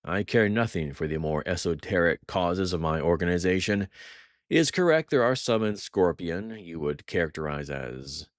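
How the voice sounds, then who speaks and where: A man voicing a jovial, cruel male French crime boss who talks with theatrical mock warmth. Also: sits low, animated, normal speed, no room sound, studio quality. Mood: gloating. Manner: mock-warm, theatrical, gloating.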